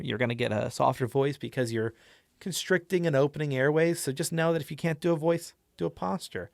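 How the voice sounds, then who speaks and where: A man's voice: a little high, a little fast, gravelly, no echo, studio quality. Chatty man explaining tabletop voices. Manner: chatty, rambling, many fillers. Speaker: tabletop game teacher. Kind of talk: casual tutorial.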